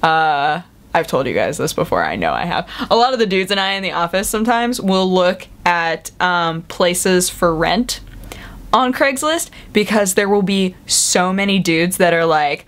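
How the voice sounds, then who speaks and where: Young woman vlogger, casual and chatty, with animated pitch jumps for quoted voices. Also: moderate pace. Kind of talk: casual chat to camera.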